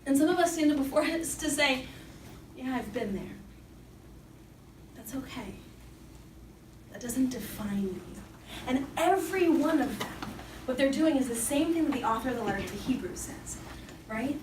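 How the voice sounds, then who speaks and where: A woman's voice: high voice, lively intonation, normal speed. A woman speaking to young people at a Catholic summer program, casual and joking as she preaches. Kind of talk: faith talk to young people. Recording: echoey room, distant mic, background noise.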